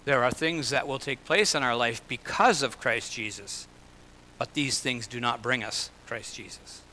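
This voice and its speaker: A man preaching a sermon in an earnest way, slowing and lifting his voice for emphasis and dropping into personal asides. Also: medium pitch, sharp tone, a little hiss or hum. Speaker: pastor. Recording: long hall reverb.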